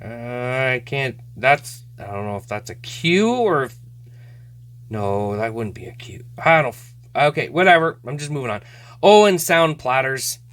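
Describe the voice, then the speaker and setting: A man's voice: medium pitch, expressive, a little slow, fairly bright tone. A man hosting a casual card-opening show, chatting, laughing often and stumbling over names. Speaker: host.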